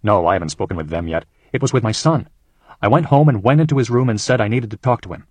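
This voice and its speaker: A man's voice: on the low side, expressive, quick pace, darkish tone, breathy edge, dry recording. A man voicing a troubled businessman father. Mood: earnest. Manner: earnest quoted speech within a read-aloud story. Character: troubled middle-aged businessman father, brusque but softening. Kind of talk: audiobook narration.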